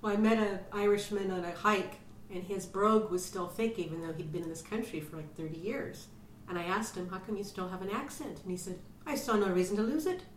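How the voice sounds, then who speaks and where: A woman's voice: medium pitch, brisk. Curious woman interviewer, heard from afar. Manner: curious, asks short friendly questions. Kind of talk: casual interview questions. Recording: roomy and distant with faint background noise.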